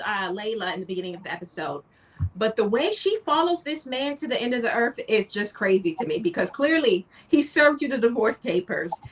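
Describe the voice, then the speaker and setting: A woman co-hosting a casual chat podcast, recapping in a relaxed way with fillers and quoted lines. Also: a little high, far from the mic, a little hiss or hum. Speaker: podcast co-host.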